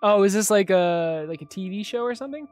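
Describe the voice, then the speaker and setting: A woman's voice: medium pitch, lively intonation, fairly quick, a little mellow, faint music behind. A woman streamer chatting and reading game text aloud as she plays, with frequent laughs. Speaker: streamer playing a fan-made game. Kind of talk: live game commentary.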